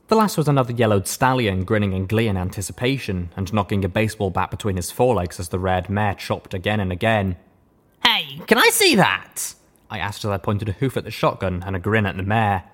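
Low-voiced man narrating an audiobook.

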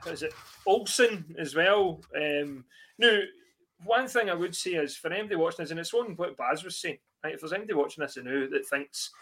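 A man hosting a casual football podcast, laughing often and talking in quick bursts. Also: fairly high pitch, bright, forceful tone, husky. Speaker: podcast host.

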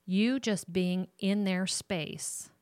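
A woman's voice: mid-range voice, drawn-out words, clear, resonant tone, no echo, studio quality. A woman, giving direct, casual faith-based parenting advice as a ministry counselor. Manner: warm, direct, talks straight to moms.

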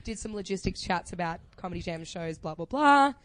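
A woman's voice: fairly low pitch, lively intonation, fairly quick, fairly bright tone. A woman co-hosting a comedy podcast, telling stories in casual chat with frequent giggles. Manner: chatty, giggly storyteller. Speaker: podcast co-host.

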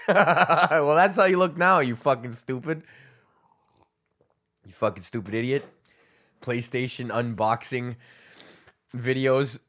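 Man in his thirties, stand-up comic hosting a solo rant podcast, pitched a touch high, crude and rambling. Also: measured pace, a bit bright. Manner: profane, rambling, laughs at his own jokes. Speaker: comedian podcast host. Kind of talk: ranting solo podcast monologue.

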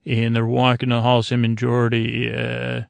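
A man's voice: medium pitch, completely flat delivery, a little slow, vocal fry, smooth, dry recording. A man hosting a podcast, casually recapping an episode, rambling with fillers and quoting characters. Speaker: podcast host.

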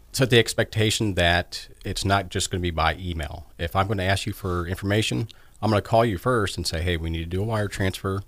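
A man guest explaining cybersecurity advice in a measured way with many fillers. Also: low-pitched, a bit bright, no echo. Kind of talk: explaining in an interview.

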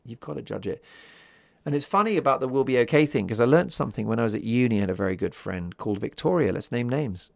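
A man hosting his own podcast in a calm, chatty monologue, keeping his voice soft and easy for listeners drifting off to sleep. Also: mid-range voice, quick pace, vocal fry, dry recording, clean studio sound. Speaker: podcast host.

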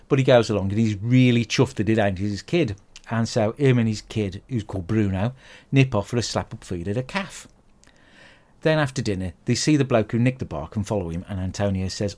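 British male host, lowish pitch, crude cursing comic rant about films. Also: a little fast, a little mellow. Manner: crude, sweary, grumbling rant. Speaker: podcast host. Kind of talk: comic film review monologue.

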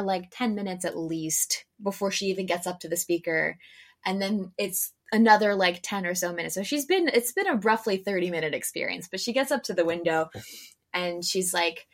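A young woman co-hosts a relaxed podcast conversation. She tells a story with lots of energy and leaps into high, exaggerated voices when she imitates other people. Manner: animated storyteller, acts out customers with big pitch jumps. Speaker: podcast co-host. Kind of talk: casual podcast chat.

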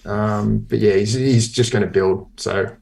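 A man's voice: fairly low pitch, fairly even intonation, a little slow, vocal fry, a little mellow. A man co-hosting a sports podcast, talking with many ums and restarts. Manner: hesitant, many ums and repeated starts. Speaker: podcast co-host. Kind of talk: casual sports podcast chat.

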